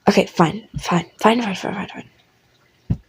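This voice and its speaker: A woman's voice: mid-range voice, measured pace, creaky, husky, exaggerated voice, low-quality recording. A woman voicing a goofy, affectionate young guy. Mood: pleading. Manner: casual, swearing, teasing. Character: laid-back young man, goofy and affectionate. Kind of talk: listener role-play audio.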